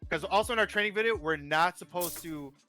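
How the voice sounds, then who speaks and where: A young man chatting casually on a livestream, telling rambling, animated stories. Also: high-pitched, fairly quick, soft background music. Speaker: guest streamer. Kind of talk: casual stream chat.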